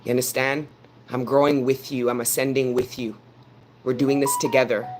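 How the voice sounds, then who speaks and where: A man of middle pitch leads a tarot reading, lecturing his viewers in a firm, earnest tone. His delivery stays fairly monotone and keeps circling back to the same phrases for weight. A faint hum sits under his voice. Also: moderate pace. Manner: earnest, preaching directly to his audience; repeats phrases for emphasis. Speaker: tarot reader.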